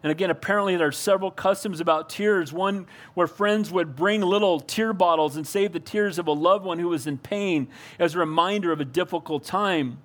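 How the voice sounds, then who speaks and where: High-voiced older male pastor preaching. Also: a little fast, hardly any pauses, a bit bright. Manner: earnest preaching, calls out for amens. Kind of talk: sermon.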